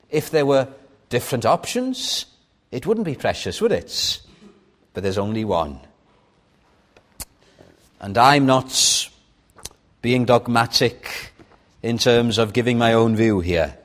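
Guy preaching a sermon, slow and earnest, voice swings up and down a lot, gets urgent. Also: mid-range voice, sing-song. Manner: earnest, rising to urgent pleading; reads scripture aloud with slow emphasis.

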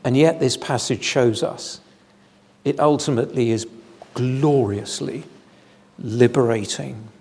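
A man preaching an evening sermon in a church, measured and deliberate, with solemn emphasis. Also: mid-range voice, darkish tone, slightly rough. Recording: long hall reverb.

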